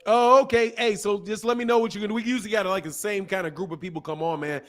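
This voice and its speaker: A man's voice: high voice, fairly even intonation, fast talker, fairly bright tone. A man hosting a casual call-in show, talking in loose slang and laughing often. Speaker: show host taking callers.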